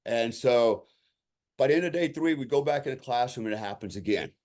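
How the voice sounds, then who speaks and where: A man's voice: medium pitch, expressive, brisk, a little mellow. A man speaking as a podcast guest and telling a story from his military days in a conversational way, acting out the lines of people in it and often tossing in "you know" and "right?". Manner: vivid storyteller who acts out quoted lines.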